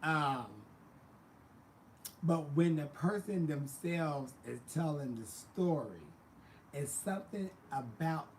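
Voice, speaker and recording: A man hosts a casual livestream, chatting sassily with viewers and calling them baby and honey. His voice is a little high and slightly mellow, he takes it slowly, and there's slight background noise.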